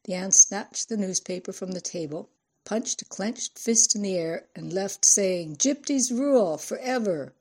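Woman narrator, husky and soft-toned, steady storybook reading. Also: fairly low pitch, measured pace. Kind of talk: audiobook narration.

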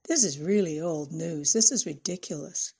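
A woman's voice: low-pitched, normal speed, warm tone, slightly rough. A woman reading as a placating, patient husband. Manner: soothing, reasonable, placating.

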